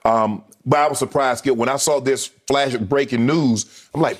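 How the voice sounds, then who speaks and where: A man co-hosting a sports debate show, talking casually with slang and acting out quotes in a lively way. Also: medium pitch, normal speed.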